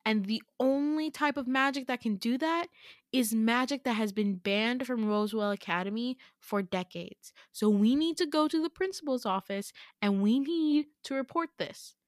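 A woman voicing an intense, serious young male student who explains things urgently and with exasperation, in a low hushed tone. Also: moderate pace, no room sound, studio quality, natural voice. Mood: grave, hushed.

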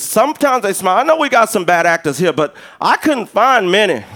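A middle-aged man preaching a sermon as pastor, an animated, joking storyteller who acts out conversations. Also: high-pitched, vocal fry.

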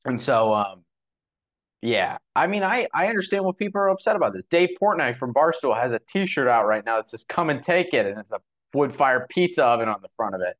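Opinionated young podcast co-host. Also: male voice, mid-range voice, brisk, low-quality recording. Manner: animated, opinionated, lots of fillers. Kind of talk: casual podcast commentary.

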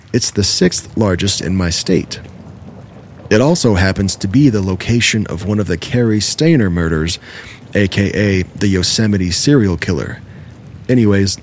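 A man narrating true scary stories in a measured, storytelling manner. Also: on the low side, darkish tone, breathy edge. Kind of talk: scripted horror story narration.

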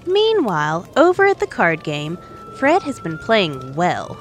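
Chatty woman narrator, lively pitch, faint music bed. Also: a little slow. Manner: playful, conversational. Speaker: storyteller. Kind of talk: narrating an adventure story.

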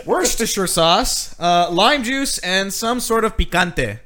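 This is a man co-hosting a laid-back chat, with a voice that sits slightly high for a man. He explains things in a loose, rambling way, leaning on fillers and dropping casual swear words. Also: animated, unhurried, sharp tone. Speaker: co-host.

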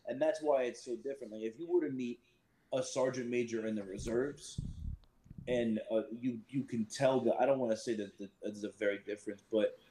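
A man, a Marine reservist, telling profane, animated stories as a podcast guest. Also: medium pitch, reverberant, rough recording. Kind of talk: casual storytelling chat.

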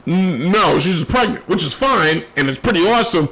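Guy ranting on his sports show, bright voice that jumps all over, keeps repeating himself. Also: sits high, lively intonation, moderate pace, vocal fry, poor audio. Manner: emphatic, repeats phrases, rambling asides. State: losing his voice, tired. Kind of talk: opinionated solo sports commentary.

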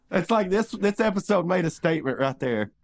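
A man hosting a laid-back podcast, his voice sitting a little on the high side. He recaps a cartoon in an animated way, jumping into quick impressions of the characters' lines. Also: noisy background. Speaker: podcast host.

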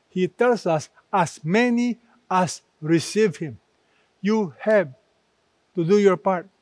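A man delivers a sermon in an unhurried, emphatic way, leaning on repetition as he quotes scripture. His voice sits a little high for a man. The sound is dry and close. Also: no room sound. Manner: slow, emphatic preaching with repeated phrases. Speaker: preacher.

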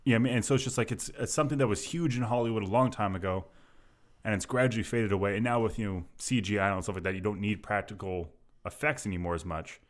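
A man's voice: fairly low pitch, steady tone, fast talker. A man chatting casually as a podcast co-host, laid-back and joking, swearing now and then. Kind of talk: casual chat.

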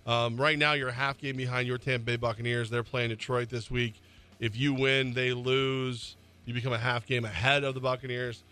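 A man co-hosting sports talk radio, with wry, joking banter and quick opinions. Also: medium pitch, flat delivery, pushed and bright, smooth.

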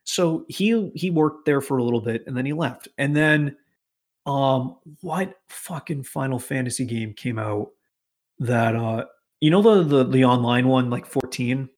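A man's voice: medium pitch, a little slow. Guy from massachusetts ranting through a work story, swears a lot, keeps doing everyone's voices. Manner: animated, profane, quotes people in put-on voices. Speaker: podcast host telling a work story. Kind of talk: casual storytelling chat.

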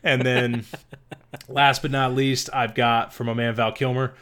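A man's voice: mid-range voice, little pitch movement, unhurried, fairly bright tone. A man co-hosting a podcast, giving casual, rambling movie recommendations and correcting himself as he goes. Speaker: podcast co-host.

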